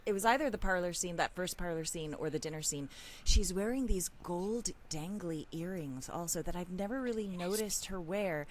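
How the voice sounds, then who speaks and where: A woman's voice: lowish voice, moderate pace, slight background noise. A woman co-hosting a podcast in casual chat, talking enthusiastically about the details she noticed. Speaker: podcast co-host.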